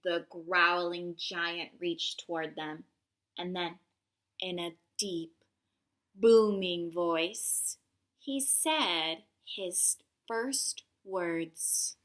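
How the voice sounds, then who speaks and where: Woman reading a kids' picture book aloud, slow, bright, playful, lively pitch. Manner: playful, with asides to young listeners. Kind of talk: read-aloud for children.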